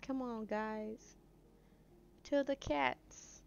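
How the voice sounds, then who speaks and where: A woman's voice: on the high side, steady tone, drawn-out words, creaky. A woman casually commenting on a game she plays, chatty and playful, reading the dialogue aloud as she goes. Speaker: gamer. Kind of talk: casual let's-play commentary. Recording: dull lo-fi, faint noise.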